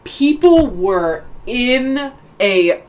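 A woman's voice: on the high side, big pitch swings, drawn-out words, darkish tone. A young woman co-hosting a podcast, telling blunt, swear-filled stories in casual chat. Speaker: podcast co-host.

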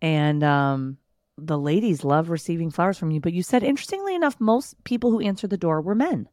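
A woman co-hosts a podcast in loose, chatty talk, laughing easily between questions. Her voice sits low for a woman, and the sound is dry and close with no room around it. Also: lively intonation, fairly quick, darkish tone, no echo. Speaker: podcast co-host. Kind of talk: casual chat.

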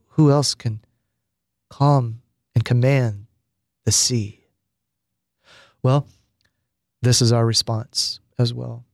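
A man, a priest, giving a spoken retreat teaching on prayer in an unhurried, reflective way with pauses and fillers. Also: medium pitch, darkish tone, dry recording, studio quality.

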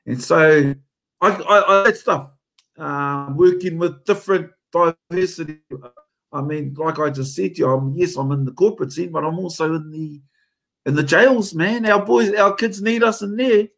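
A man with a New Zealand accent, a haka teacher and company founder, telling stories in an animated, emphatic way during a casual interview. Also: a little high, moderate pace, vocal fry.

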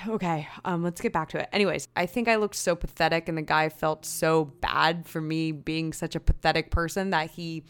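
A woman's voice: sits low, smooth. A young woman hosting a podcast on her own, talking in a chatty, rambling way, mocking herself and drifting into side stories. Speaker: podcast host. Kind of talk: casual solo podcast chat.

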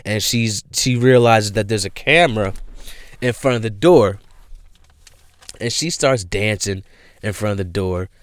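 A young man hosting a podcast, telling stories in a profane, animated monologue and laughing often. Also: lowish voice, a little slow, long pauses, no echo. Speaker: podcast host. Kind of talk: casual comedic monologue.

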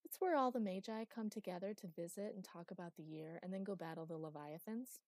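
A woman reading an audiobook, voicing an eager, childlike young servant girl with a high, innocent, earnest voice. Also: a little fast, darkish tone, dry recording. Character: eager girlish servant Anouk/Maggie, sweet and childlike.

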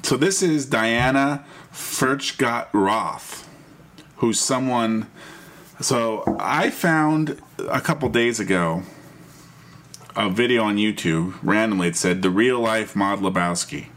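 A man co-hosting a casual chat, with halting speech and dry asides. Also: lowish voice, a bit bright. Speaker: podcast co-host.

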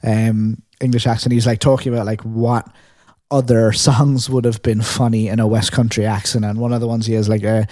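Co-hosting a casual podcast chat, a man with a fairly low voice talks briskly, rambling through stories with lots of fillers. He's an animated storyteller who hums and sings riffs of the music he describes. There's no room sound.

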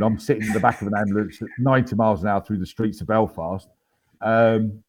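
A man's voice: lowish voice, fairly even intonation, fast talker, a little hiss or hum. A man in his fifties, an army veteran guest, telling his story in a casual interview with wry humour and many ums and restarts.

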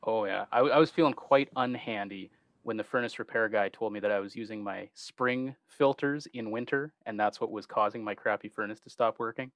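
A man from Canada hosting a trivia podcast in casual chat, easygoing and quick to laugh at himself. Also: on the low side, fairly bright tone, no room sound. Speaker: podcast host.

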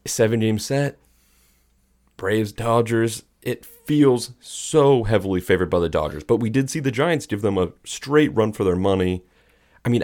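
A man's voice: fairly low pitch, a little mellow. A young man co-hosting a sports podcast, talking in a laid-back, hesitant way as he thinks aloud. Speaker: podcast co-host. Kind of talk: casual sports chat.

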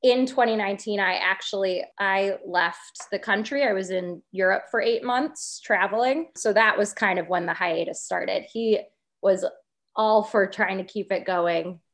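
A woman's voice: mid-range voice, unhurried, a bit bright. Young woman, teasing guest who laughs easily, mid-range voice. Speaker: podcast co-host, guest. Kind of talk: casual radio chat.

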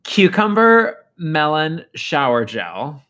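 A man's voice: fairly high pitch, sing-song, slow pace, sharp tone. A man co-hosting a podcast, chatting playfully and saying "like" often. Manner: playful, says "like" a lot. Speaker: podcast co-host. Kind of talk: casual chat.

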